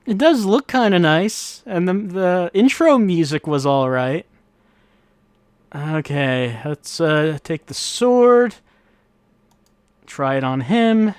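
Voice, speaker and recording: A man's voice: high-pitched, lively intonation, slow, pauses often, clean tone, dry recording. A man giving casual gameplay commentary as host, wry and musing, thinking aloud as he plays. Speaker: let's-play host. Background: faint game music.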